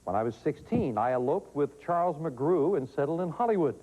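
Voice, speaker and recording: A man hosting a quiz show, reading questions and joking with contestants in quick patter, on a noisy 1980s TV tape. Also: fairly high pitch, expressive, warm tone, slightly rough. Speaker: game show host.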